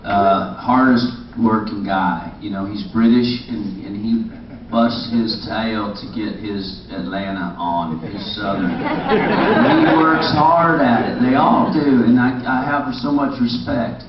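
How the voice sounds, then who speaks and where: On a panel in a large convention hall, a middle-aged man with a lowish voice slowly tells rambling stories in a casual way, often restarting his sentences. The audio is noisy, echoey, distant, dull and muffled.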